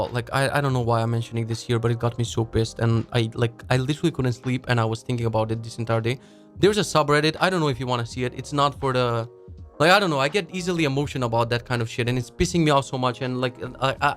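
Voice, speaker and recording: A man's voice: medium pitch, fairly even intonation, a bit bright, soft background music. A man hosting a web development podcast, ranting casually and swearing a lot, often restarting his sentences. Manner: swears a lot, restarts sentences, mocks people in quick put-on asides. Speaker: podcast host. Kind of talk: casual profane rant.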